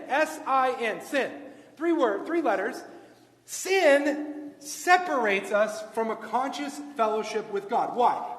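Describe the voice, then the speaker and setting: A man preaching a sermon in a church sanctuary, asking the congregation questions and swinging from loud emphatic points to hushed asides. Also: very high voice. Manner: asks the congregation rhetorical questions. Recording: echoey church hall, long reverb.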